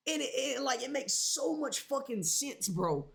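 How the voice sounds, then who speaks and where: A man's voice: very high-pitched, sing-song, a little slow, vocal fry, a bit bright. A man livestreaming, rambling casually and swearing a lot as he talks straight to his chat.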